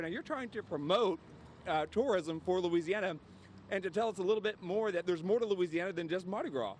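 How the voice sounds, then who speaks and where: A male field reporter speaking live from a street, lively and informal with a joking edge. His voice is high for a man. Faint street noise sits behind him. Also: a little fast. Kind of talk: live outdoor news report. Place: downtown street outdoors.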